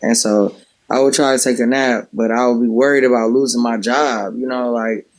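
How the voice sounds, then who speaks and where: Brief: male host, casual rambling storyteller, filler-heavy, mid-pitched voice. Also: fairly even intonation, normal speed, rough recording. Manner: loose, rambling telling with many "like" fillers. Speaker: livestream host; former home health care worker.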